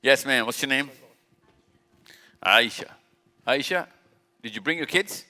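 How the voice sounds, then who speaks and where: A man's voice: mid-range voice, expressive, measured pace, sharp tone. A man giving a casual, chatty talk to a live audience from a stage, joking and questioning people in the crowd directly. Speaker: speaker at a live event. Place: large hall with stage lights. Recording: long hall reverb.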